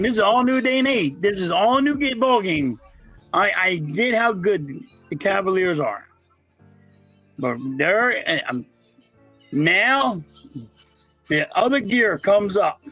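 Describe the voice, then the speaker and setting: High-voiced man, emphatic sports talk. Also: sing-song, slow, long pauses, pushed and bright, slightly rough, soft background music. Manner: emphatic, insistent predictions. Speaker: co-host. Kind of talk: casual sports debate.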